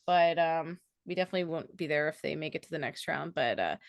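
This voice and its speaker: A woman co-hosts a relaxed podcast conversation, chatty and quick to agree. Her voice sits a little low for a woman, and the room sounds dry and close. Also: creaky, no echo. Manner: chatty, agreeable, often laughing. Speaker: podcast co-host. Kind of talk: casual chat.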